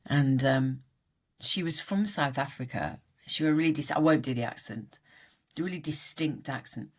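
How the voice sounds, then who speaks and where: A middle-aged woman speaking candidly as a guest on a podcast, her voice leaping up and down as she tells her story. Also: normal speed. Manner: animated, voice jumping up and down in pitch. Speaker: guest coach.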